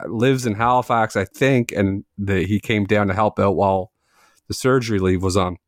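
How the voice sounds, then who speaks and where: A man's voice: on the low side, steady tone, normal speed, no echo, studio quality. A man in his forties, a podcast co-host telling a long, self-mocking story in a casual chat, with filler words and the odd swear. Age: 40s.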